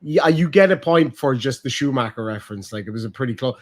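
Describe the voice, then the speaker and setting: A young man hosting a casual chat, explaining slang in a profane, animated way. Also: mid-range voice, fast. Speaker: streamer host.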